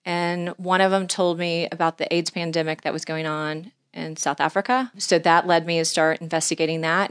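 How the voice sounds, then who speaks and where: A woman's voice: deep voice, a bit bright, smooth, dry recording, clean studio sound. A middle-aged woman telling long, heartfelt stories as a podcast guest, earnest and sincere. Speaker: podcast guest, angler and mission leader. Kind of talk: conversational storytelling.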